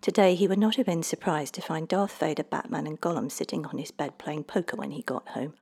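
A woman narrating a children's storybook, lively and voicing the characters. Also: low voice, brisk, vocal fry, husky. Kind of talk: storybook reading.

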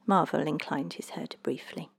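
A woman narrating a children's storybook, lively and voicing the characters. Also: deep voice, moderate pace, gravelly, slightly rough. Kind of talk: storybook reading.

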